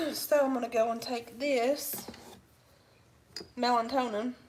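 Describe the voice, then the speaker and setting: A woman chatting casually on a livestream, cooing baby talk to her puppy in a soft, drowsy way. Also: on the high side, fairly even intonation, slow pace, a little hiss or hum. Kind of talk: casual live chat.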